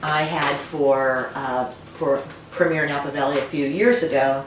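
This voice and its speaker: A woman winemaker being interviewed, telling stories and remembering in a warm, conversational way. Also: deep voice, fairly even intonation, unhurried. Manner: warm storytelling, reminiscent. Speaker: winemaker guest. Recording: roomy, distant, faint noise.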